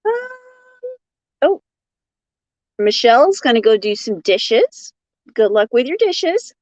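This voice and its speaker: A playful woman hosts a crafting livestream, greeting viewers by name and laughing between comments. Her voice sits a little high and swoops all over the place as she talks. It comes through dry and slightly dull, like a lo-fi phone stream. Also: sing-song, slow, a little mellow, no echo. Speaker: crochet livestream host. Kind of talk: casual livestream chat, reading viewer comments. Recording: dull lo-fi sound.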